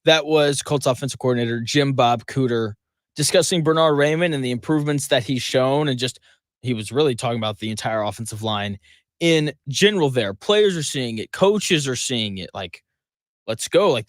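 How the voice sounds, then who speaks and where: A man hosting a sports talk radio show, delivering an emphatic, conversational monologue full of quick asides. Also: mid-range voice, expressive, no room sound.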